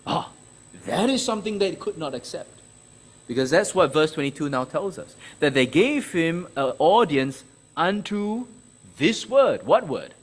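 A man's voice: a little high, sing-song, a little slow, low-quality recording. A man preaching an expository sermon, speaking emphatically and posing questions that he then answers himself. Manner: emphatic, asks and answers his own questions.

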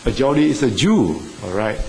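A male preacher speaking at a mid pitch, earnest and halting, dotting his sentences with fillers and lifting his voice for emphasis. A faint hiss of background noise sits under the recording. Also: sing-song, vocal fry, dark tone, low-quality recording. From Singapore or Malaysia. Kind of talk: sermon.

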